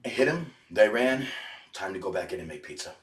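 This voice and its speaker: In a sing-song, slightly fast delivery, a man with a deep voice tells a rambling, swear-filled tale on a podcast, repeatedly restarting and circling back. The recording is roomy, with the mic set a little away from him in an echoing room.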